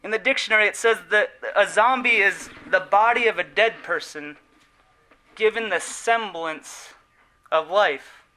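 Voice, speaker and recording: Man, sermon, high voice, very bright and forceful, earnest, emphatic, soft trailing endings. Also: a little slow, low-quality recording. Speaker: preacher.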